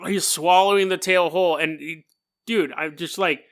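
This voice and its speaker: Jokey podcast storyteller, bright man. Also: high-pitched, steady tone, moderate pace. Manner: joking, rambling asides. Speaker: podcast host. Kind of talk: casual storytelling.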